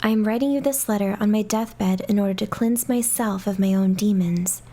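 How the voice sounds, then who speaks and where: A woman's voice: mid-range voice, moderate pace, mellow, natural voice. A woman voicing a dying, remorseful mother reading her letter aloud in a solemn, grave way.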